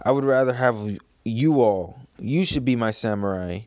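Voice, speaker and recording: A man's voice: medium pitch, normal speed, darkish tone, no echo, lightly acted. A man puts on a bold young warlord from a comic, brusque and commanding, the voice a little raised above his plain talk. It is recorded in a dry room, up close. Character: brash young male warlord, boastful and bold.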